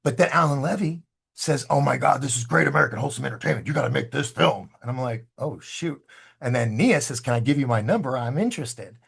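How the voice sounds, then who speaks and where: Male filmmaker guest, husky timbre, animated storyteller who acts out quotes. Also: mid-range voice, fast talker. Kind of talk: storytelling in a casual interview.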